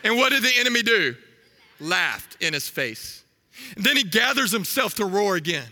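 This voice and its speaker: A man in his thirties preaching a sermon, telling a story with animated energy and asking the crowd questions. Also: high-pitched, normal speed, big-room sound.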